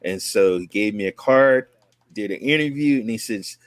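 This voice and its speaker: A man with a fairly low pitch talks at normal speed, without echo. He's an Oakland, California content creator in his forties, a guest telling his life story in a casual, meandering way, with many restarts and quotes he acts out.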